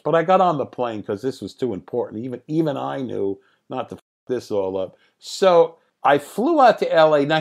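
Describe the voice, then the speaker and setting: Animated older man telling stories. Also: medium pitch. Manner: animated, swears casually, laughs at own stories. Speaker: guest, screenwriter and director. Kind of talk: anecdotal interview storytelling.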